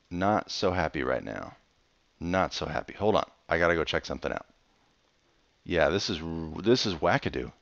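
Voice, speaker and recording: Young adult man, casual gameplay commentary, low and animated, dry dull home mic. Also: no echo. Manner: chatty, rambling storyteller with playful outbursts. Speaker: Minecraft let's player. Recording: dull, slightly lo-fi dry recording.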